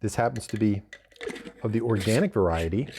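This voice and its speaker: A man's voice: lowish voice, expressive, fairly quick, darkish tone, a little hiss or hum. A man hosting a casual cocktail demonstration, talking in a chatty, digressive way and correcting himself as he goes. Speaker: bartender host.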